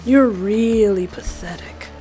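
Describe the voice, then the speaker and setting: A woman voicing a smug, spoiled young male killer in a slow, mocking drawl. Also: medium pitch, warm tone, soft background music, natural voice.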